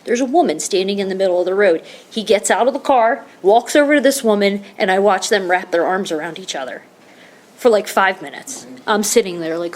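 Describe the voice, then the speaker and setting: A woman's voice: medium pitch, brisk. A middle-aged woman telling her personal recovery story at a meeting, heartfelt and rambling, full of restarts and "you know".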